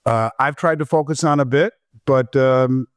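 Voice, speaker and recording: A man's voice: mid-range voice, normal speed, clear, resonant tone, no echo. Male podcast host, chatty and rambling, dry close sound. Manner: friendly, rambling with many fillers and restarts. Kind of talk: casual interview chat.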